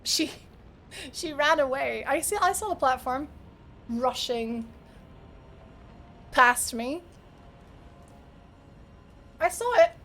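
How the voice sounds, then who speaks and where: A woman's voice: high voice, takes it slowly, pauses often, fairly bright tone. A young Scottish woman streaming a game, chatting casually with her chat and laughing often. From Scotland.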